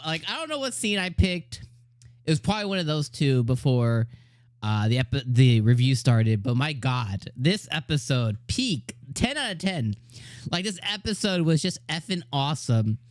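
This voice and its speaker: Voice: medium pitch, dry recording. Host of an anime review channel, giddy and slangy, laughs through the recap, dry sound. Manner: excitable, laughs often, heavy slang. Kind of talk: casual video review.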